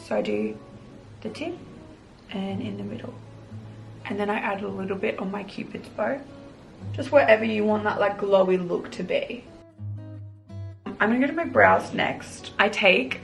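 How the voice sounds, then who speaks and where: In her bedroom, a woman makeup vlogger chats through a tutorial, bubbly and chatty, calling everything "little." Her medium-pitched voice has vocal fry, and the audio quality is poor.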